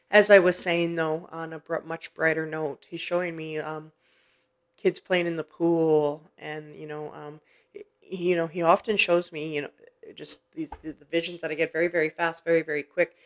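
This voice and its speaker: Woman psychic medium host, live-stream reading; gentle, earnest, halting, emotionally warm-toned delivery. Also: low-pitched. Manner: gentle, earnest, many hesitant fillers; emotionally moved, softly reassuring.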